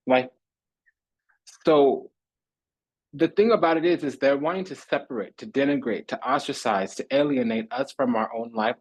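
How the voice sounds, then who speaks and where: Man, tarot reader, preachy, repeats himself in rhythmic lists, husky voice, dry close sound. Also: mid-range voice, no room sound, poor audio. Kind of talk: spiritual tarot reading monologue.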